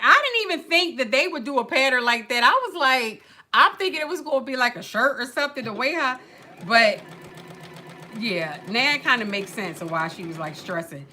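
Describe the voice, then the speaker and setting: Casting: bright, lively woman, sewing-stream host, rambly and animated, faint hiss behind. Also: fairly high pitch. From Northern US. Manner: chatty, rambling, animated, says y'all and child. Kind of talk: casual livestream chat. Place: home sewing room.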